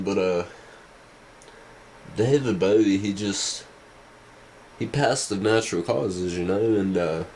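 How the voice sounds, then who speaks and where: A man's voice: on the low side, a little hiss or hum, rough recording. A man vlogging casual rambling commentary, hesitant and full of restarts. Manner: hesitant, many fillers and restarts.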